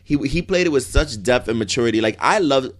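A man co-hosting a casual chat, gushing and animated, quick to act out characters in little bursts. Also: medium pitch. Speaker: soap opera fan co-host.

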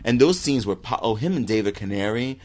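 A man's voice: fairly low pitch, expressive, a little fast, darkish tone. A man co-hosting a casual chat, gossipy and dramatic, with fond "honey" asides. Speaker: podcast co-host.

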